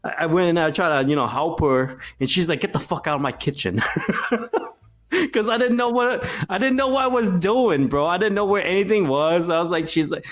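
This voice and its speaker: A podcast co-host, a man with a voice that sits high, chats casually at normal speed. He tells stories full of cursing and laughter.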